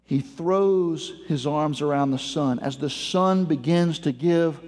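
Dramatic, high-voiced preacher man. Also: takes it slowly, big-room sound. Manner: dramatic storytelling with sweeping swings in pace and loudness. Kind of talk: sermon.

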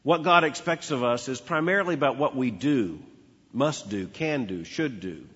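Husky preacher in an echoing hall. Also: male voice, medium pitch, expressive, normal speed, fairly bright tone. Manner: storytelling preacher, emphatic repetition. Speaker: pastor. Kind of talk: sermon. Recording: dull lo-fi with long hall reverb.

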